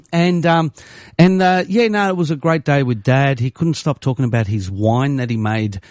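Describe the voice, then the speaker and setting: A man co-hosting a casual podcast chat, ranting and joking in a rambling way, with loud mock voices now and then. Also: mid-range voice, moderate pace, no room sound, clean studio sound. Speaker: podcast co-host.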